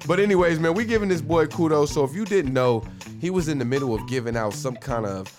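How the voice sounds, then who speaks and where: A man's voice: fast talker, over music. A man hosting a casual podcast, talking loosely and profanely, laughing often and swinging his voice up and down. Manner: loud, laughing, swings pitch up and down. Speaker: podcast host.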